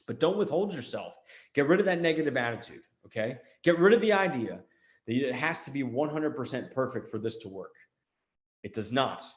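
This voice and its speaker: A man's voice: medium pitch, reverberant. An American man hosting a show, giving a blunt, emphatic motivational talk on business and repeating points for emphasis. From United States. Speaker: host.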